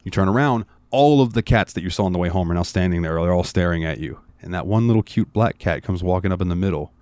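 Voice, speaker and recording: A man's voice: deep voice, fast talker, a little mellow, dry recording. A man co-hosting a casual podcast, rambling through a game's story with lots of fillers. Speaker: podcast co-host.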